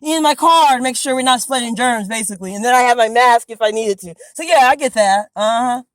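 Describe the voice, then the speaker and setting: A woman's voice: fairly high pitch, a little fast, dry recording, poor audio. An American woman in her forties, insistent and rambling, talking from inside her parked car during a police stop. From USA. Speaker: motorist questioned by police. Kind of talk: tense confrontation.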